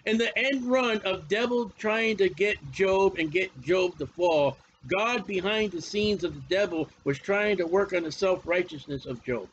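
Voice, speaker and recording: A man's voice: high voice, a little slow, hardly any pauses, dull audio, a little hiss or hum. A male preacher teaching a Bible study sermon in a folksy, emphatic way, often repeating his phrases.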